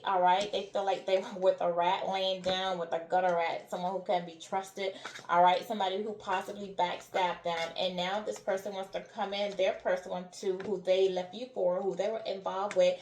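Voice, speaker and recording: A woman's voice: mid-range voice, darkish tone, reverberant, slight background noise. A woman giving a spiritual tarot reading who keeps checking in with "all right?" and "okay?". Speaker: tarot reader.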